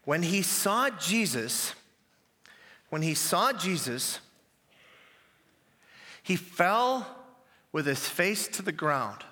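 A male pastor preaching a sermon, animated and emphatic, often repeating key phrases. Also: sits high, extremely slow, pauses often, big-room sound.

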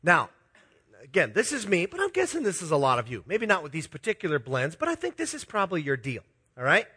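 A man's voice: on the high side, wildly swooping pitch, quick pace, pushed and bright, breathy edge. A middle-aged man from Minnesota, a pastor telling self-deprecating stories in a sermon. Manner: self-deprecating, confessional, chuckling storyteller. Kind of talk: sermon with personal storytelling.

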